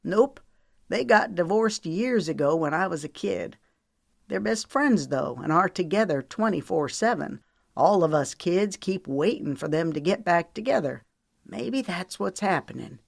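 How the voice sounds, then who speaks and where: Woman doing a playful young guy in a romance audiobook, teasing and sweet, lowish voice. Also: lively intonation, unhurried, creaky, no echo, studio quality, heavily acted. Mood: matter-of-fact. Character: young man, affectionate and teasing.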